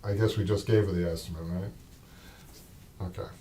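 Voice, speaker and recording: Boston-accented male host, low voice, rambling live chat, picked up from a distance with faint noise. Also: steady tone, unhurried, warm tone. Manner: rambling, with many restarts and asides. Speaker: upholstery shop owner and show host. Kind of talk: casual live-stream talk.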